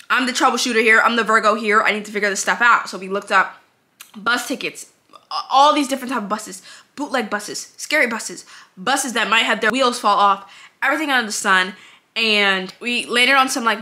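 A young adult woman, a college vlogger, dramatically telling a casual storytime with lots of "like". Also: fairly high pitch. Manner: animated, dramatic retelling with frequent 'like'. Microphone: handheld mic prop, not connected.

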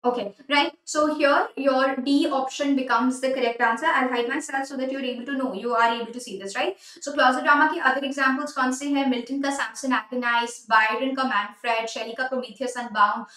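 A young woman with an Indian English accent teaches a live online exam-prep class, mixing English and Hindi and repeating key points. Her voice sits high and moves at a quick clip. It comes through an echoey room, a little away from the mic. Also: steady tone, bright, forceful tone, distant mic. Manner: switches between English and Hindi mid-sentence.

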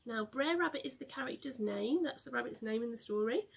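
A young woman teacher reading a storybook aloud to children, gently explaining words along the way. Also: a little high, animated, brisk, vocal fry, husky.

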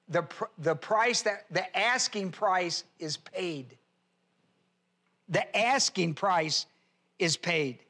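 A male pastor teaching a sermon verse by verse, reading scripture aloud and slowing down to stress key words. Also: sits high, pushed and bright. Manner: reads scripture aloud and spells out Greek words. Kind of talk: expository Bible teaching sermon.

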